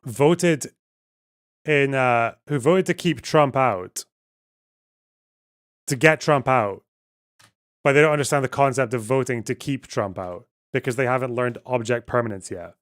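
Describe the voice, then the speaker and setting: A man streamer with a Scottish lilt, talking loosely to his viewers at a mid-level pitch. He is blunt and sarcastic, and he swears freely as he reacts to chat messages. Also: a little slow, long pauses. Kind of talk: casual livestream chat reading.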